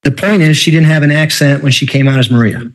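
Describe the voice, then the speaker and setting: A man's voice: a little high, quick pace, low-quality recording. A man questioning a witness in a courtroom, pressing and insistent, pinning down answers. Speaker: prosecuting attorney. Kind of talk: courtroom cross-examination.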